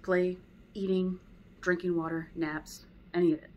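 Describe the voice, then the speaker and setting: A woman's voice: lowish voice, little pitch movement, a little slow, highs cut off, slight background noise. A woman teaching dog training in a casual, conversational way at home. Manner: conversational, acts out dog and owner voices. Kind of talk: casual spoken lesson.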